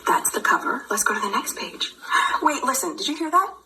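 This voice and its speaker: A woman reads a picture book to a small child, her high voice swooping up and down as she plays along with the story. She takes her time and slips into whispers now and then, and the clip has a clear hiss of noise behind her. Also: big pitch swings, fairly quick, pushed and bright. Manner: playful, sing-song, drops into whispers. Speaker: parent reading to a toddler. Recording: noisy archive clip.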